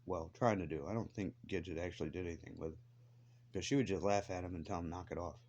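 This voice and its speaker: A man's voice: deep voice, steady tone, fast talker, darkish tone, muffled recording, slight background noise. A man ranting to the camera in a blunt, defiant way, swearing heavily as he tells his grievances. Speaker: vlogger. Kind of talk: angry profane rant to camera.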